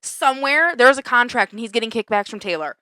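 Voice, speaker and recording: A woman's voice: a little high, expressive, a little fast, bright, forceful tone, no echo. A woman co-hosting a podcast, angry and ranting in casual chat, swearing and laughing, on a close microphone. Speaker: podcast co-host.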